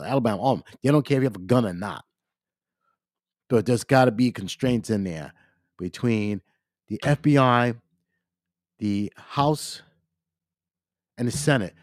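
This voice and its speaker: A man's voice: medium pitch, darkish tone, no room sound, clean studio sound. A man hosting a podcast by himself, ranting in a repetitive, emphatic way with frequent fillers. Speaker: podcast host. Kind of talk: casual solo podcast rant.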